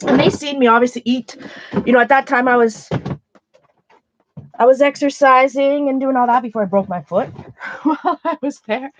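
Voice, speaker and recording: A woman's voice: fairly high pitch, dry recording. Earnest woman chatting in lo-fi sound. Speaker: art channel host. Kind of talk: casual livestream chat. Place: home. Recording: dull lo-fi sound.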